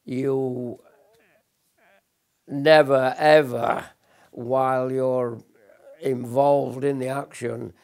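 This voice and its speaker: A man's voice: medium pitch, vocal fry, darkish tone. An older man, a military veteran, recalling combat in a blunt, earnest documentary interview, often restarting his sentences. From Britain.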